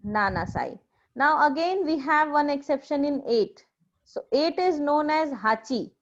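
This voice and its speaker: A woman with an Indian accent teaches Japanese in a high, bright-sitting voice, patiently drilling each word and repeating it. The recording is dull and lo-fi, with the top end muffled. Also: expressive, measured pace. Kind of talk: classroom language lesson.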